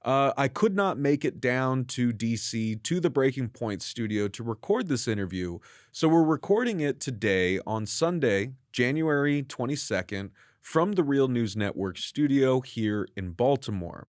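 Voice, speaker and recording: A man's voice: medium pitch, very animated, a little slow, hardly any pauses, dry recording. A man from the United States hosting an interview from a studio, earnest and friendly, with long, winding questions.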